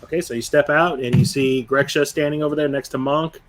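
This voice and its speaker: A man's voice: medium pitch, steady tone, brisk, soft background music. Laid-back male game master. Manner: laid-back, laughs often, acts short outbursts for characters. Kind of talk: narrating a tabletop game.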